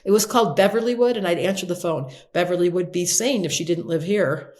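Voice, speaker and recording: An older woman, an astrologer guest in an interview, telling stories expressively and acting out quotes in brighter voices. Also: fairly low pitch, brisk. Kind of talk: animated interview storytelling.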